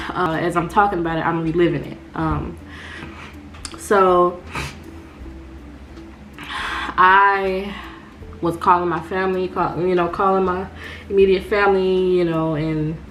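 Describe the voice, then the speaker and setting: A young woman, telling her viewers a story in an animated storytime vlog and calling them y'all. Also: fairly low pitch, measured pace, pauses often, a little hiss or hum. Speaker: vlogger.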